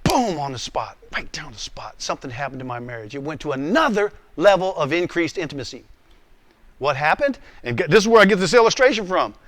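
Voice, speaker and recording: A man in his role as pastor teaching a class, earnest and animated, often stammering and repeating words. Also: on the high side, fairly quick, dry recording. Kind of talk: emotional teaching talk. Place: room with a class.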